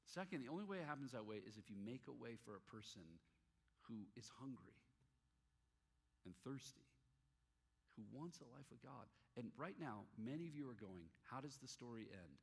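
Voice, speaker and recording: A man preaching a sermon, an animated storyteller who acts out the dialogue in his stories. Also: medium pitch, normal speed, gravelly, breathy edge. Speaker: pastor. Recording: long hall reverb.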